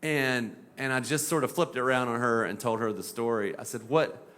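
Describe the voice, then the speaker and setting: A middle-aged man and pediatric epilepsy doctor, talking casually on a panel, animated and full of fillers, now and then mimicking voices. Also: medium pitch, a little fast. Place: event panel.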